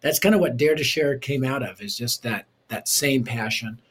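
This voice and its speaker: A man in an interview, telling his life story in an animated, storytelling way. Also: medium pitch, moderate pace, slight background noise. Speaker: ministry leader and author.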